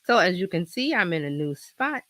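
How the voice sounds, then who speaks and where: Very animated and on the low side, her fairly bright voice moves at a normal speed with no echo. She's hosting a casual home-office livestream on a laptop with an external microphone, rambling, chatting and laughing a lot while nursing a slight cold in her throat.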